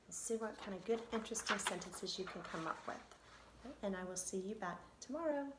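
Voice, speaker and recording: A woman's voice: mid-range voice, lively intonation, moderate pace, roomy sound, noisy background. A woman teaching an online phonics lesson, patiently sounding out letters step by step.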